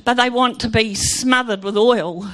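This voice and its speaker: A woman's voice: a little high, unhurried. A woman sharing a fervent Christian testimony, telling stories and acting out what people said. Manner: fervent, animated storytelling with acted-out quotes. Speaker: Christian speaker.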